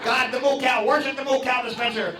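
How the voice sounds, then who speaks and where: Bit voice: man acting a frantic, shrill late-night diner crank, recorded distant with loud room noise. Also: fairly even intonation, fairly quick, a crowd in the background. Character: ranting middle-aged male diner lunatic. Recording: echoey club, distant mic, loud noise.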